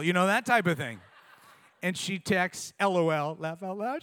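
A middle-aged man preaching a sermon, telling personal stories in an animated, self-mocking way. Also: high voice, measured pace, smooth. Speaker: pastor.

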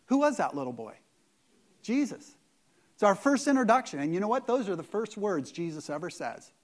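A man preaching a sermon, asking rhetorical questions and swinging between loud emphasis and quiet asides. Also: sits high, sing-song, moderate pace. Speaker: pastor.

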